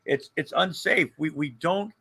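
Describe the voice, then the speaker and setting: A man's voice: fairly high pitch, measured pace, fairly bright tone, slightly rough. An older man co-hosting a casual livestream chat, joking, rambling and swearing freely. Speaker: co-host.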